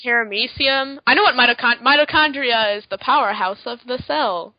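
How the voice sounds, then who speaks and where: A woman co-hosting a podcast in casual chat, rambling with lots of fillers and quick asides. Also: a little high, dry recording, muffled recording. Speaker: podcast co-host.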